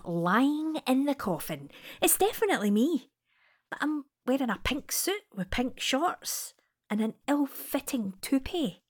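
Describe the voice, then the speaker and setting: Slow, soft-spoken Scottish woman storyteller. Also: fairly high pitch. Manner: soft, often whispered, with swearing. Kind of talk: first-person story narration.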